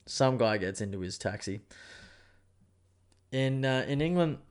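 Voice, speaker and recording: A man hosting his own podcast, telling a news story in a rambling, animated way with plenty of swearing. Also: mid-range voice, measured pace, smooth. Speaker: podcast host. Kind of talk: casual solo podcast rant.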